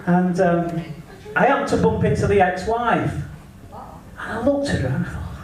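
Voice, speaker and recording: A man with an English accent delivers a cheeky, crude stand-up set at an unhurried pace. His fairly high voice leaps up and down to sell each punchline. He is heard from slightly off mic in a very echoey live room with faint noise behind. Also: lively intonation, distant mic, over a noisy crowd. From England. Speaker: stand-up comedian. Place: live comedy venue.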